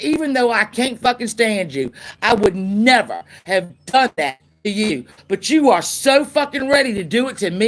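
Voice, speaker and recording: A woman's voice: on the high side, a bit bright. Angry, profane woman on a livestream rant. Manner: repeats lines for emphasis. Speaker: YouTuber.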